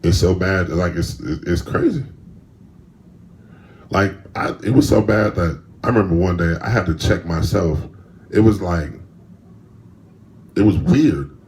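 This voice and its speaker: A man's voice: low-pitched, lively intonation, unhurried, long pauses, darkish tone, slight background noise. A man hosting a solo podcast, telling stories in a loose, rambling, slangy way with speech. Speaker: podcast host. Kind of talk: casual solo podcast monologue.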